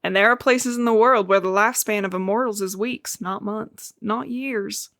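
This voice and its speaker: A Midwestern American woman recapping a book on a podcast in a loose, chatty way, cursing now and then and breaking into laughter. Her voice sits in an ordinary middle pitch. The sound is dry and close. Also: moderate pace, gravelly, a bit bright, no room sound. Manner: chatty, swears freely, laughs often, retells scenes. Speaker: podcast co-host. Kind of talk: casual book-discussion chat.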